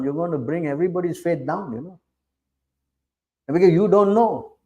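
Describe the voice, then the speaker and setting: A middle-aged man preaches a scripture class, pressing his listeners with pointed rhetorical questions. His voice sits a little high but sounds warm and mellow. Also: dull audio. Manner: challenging, asks rhetorical questions often. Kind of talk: sermon.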